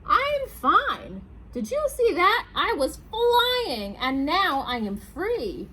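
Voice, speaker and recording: A woman voicing an excitable little male hot dog in a children's picture book, squealing high and bouncy. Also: slow, slight background noise, heavily acted. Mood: gleeful.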